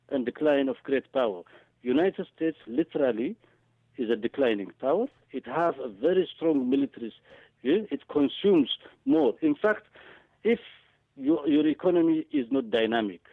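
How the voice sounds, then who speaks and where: A man speaking down a tinny, dry phone line, his pitch riding a little high and swinging widely as he presses his points. He talks with urgent emphasis, doubling back on words and filling pauses with hesitant sounds. It sounds like a guest calling in to make a case. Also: dry recording. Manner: emphatic, repeats words, frequent hesitant fillers. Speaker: guest analyst. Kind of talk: impassioned political commentary.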